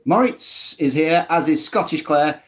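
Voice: mid-range voice, measured pace. A middle-aged podcast co-host, reading the live chat aloud with dry remarks, recorded in a living room. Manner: easygoing, reads out messages with dry remarks. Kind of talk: casual chat.

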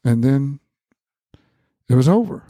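A man's voice: lively intonation, slow, dark tone, no echo, clean studio sound. A middle-aged man earnestly recounting a personal experience as an interview guest, repeating words and quoting dialogue in a lifted voice. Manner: repeats words, quotes dialogue with rising pitch. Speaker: guest, family doctor.

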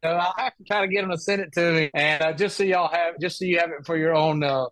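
Talking fast in a voice on the high side, with no room sound, a professional golfer shares casual stories as a podcast guest. He plays out the other characters in his anecdotes with animated energy.

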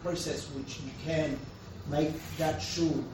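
A man asking the teacher a question in class, halting and hesitant, stumbling over fillers and repeated words. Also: fairly high pitch, steady tone, a little mellow. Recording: echoey room, distant from the mic, with noise.

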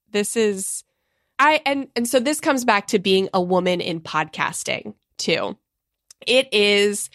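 A woman's voice: mid-range voice, no room sound, studio quality. A woman co-hosting a podcast, talking earnestly and casually with frequent fillers. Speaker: podcast co-host.

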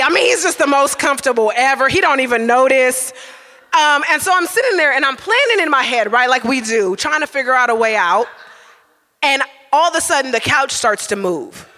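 A man tells a funny story in a very high, bright voice, tossing "right?" to the listeners again and again. His voice rings with a long reverb. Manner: animated, keeps asking "right?". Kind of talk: live comic storytelling.

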